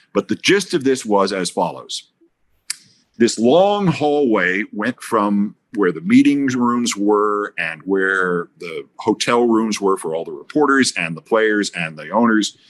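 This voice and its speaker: A man in his sixties, a broadcaster guest telling an anecdote in a podcast interview, acting out other people's voices with big jumps in pitch. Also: very animated, unhurried, a bit bright.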